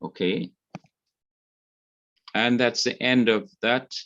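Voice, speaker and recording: A man's voice: mid-range voice, steady tone, slow pace, fairly bright tone, dull audio. A man with a Jamaican accent, carefully explaining grammar rules in an online revision lesson. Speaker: Hebrew teacher.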